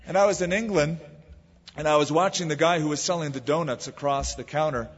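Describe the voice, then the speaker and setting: A husky-voiced American man preaching a sermon, with a voice sitting a little high for a man. He tells the story conversationally and leans into the quoted lines. The recording is dull and lo-fi, with a long reverb trailing behind him. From United States. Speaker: pastor.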